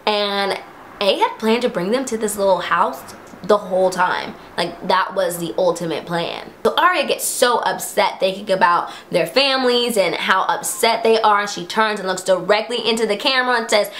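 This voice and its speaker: Young woman, casual recap vlogger, middle pitch, lively retelling, faint room noise. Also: normal speed. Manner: chatty, acts out quotes in high voices. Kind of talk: casual chat.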